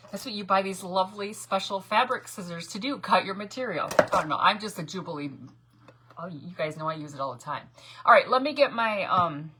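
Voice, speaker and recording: A woman hosts a casual live crafting stream from home, talking viewers through each step. She chats freely, laughs a lot and greets people by name. Her voice is bright and sharp, over a faint background noise. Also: medium pitch, lively intonation, a little fast. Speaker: craft livestream host.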